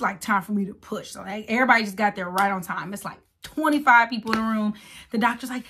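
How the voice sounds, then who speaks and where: A woman, telling a casual story while getting ready, lively and acting out other people's voices. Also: on the high side. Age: late 20s. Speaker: vlogger.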